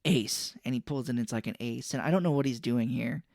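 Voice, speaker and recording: A man's voice: mid-range voice, fast, vocal fry, a little mellow, no echo, studio quality. A man co-hosting a casual movie podcast, animatedly recounting scenes. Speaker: podcast co-host.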